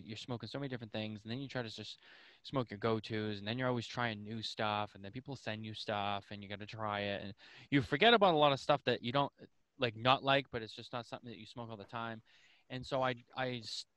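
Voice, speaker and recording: A man hosting a podcast in casual chat, animated and rambling with many restarts. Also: mid-range voice, clean tone, dry recording. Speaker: podcast host.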